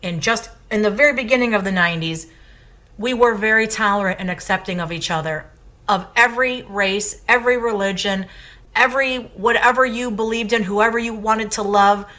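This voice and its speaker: A woman's voice: mid-range voice, brisk, pushed and bright. A middle-aged woman co-hosting a casual talk podcast. She speaks her mind with passion and leans hard on her points, repeating them for emphasis. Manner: impassioned, emphatic opinion-giving. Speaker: podcast co-host. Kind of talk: casual chat.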